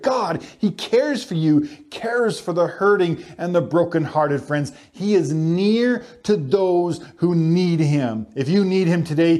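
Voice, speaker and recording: A man preaching a sermon as pastor, earnest, slowing down on key phrases and speeding up in asides. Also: high voice, darkish tone. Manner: earnest, swinging between slow emphatic phrases and quick asides.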